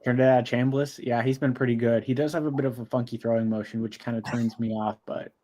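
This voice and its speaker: Male co-host, casual joking sports banter, easy everyday pitch, rambling delivery. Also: steady tone, fast talker, mellow. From United States.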